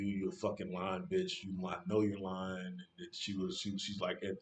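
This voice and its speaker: A man telling a personal story in a rambling, profane way, stumbling over his words and rising sharply when angry. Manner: rambling, restarts, voice climbs high when angry. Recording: roomy echo.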